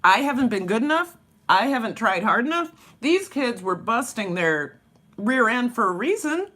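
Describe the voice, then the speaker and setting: A woman with a fairly high, bright, pushed voice and big pitch swings talks at a moderate pace. A vlogger and dance teacher, she's vlogging casually over breakfast at home, chatty, rambling, and laughing often.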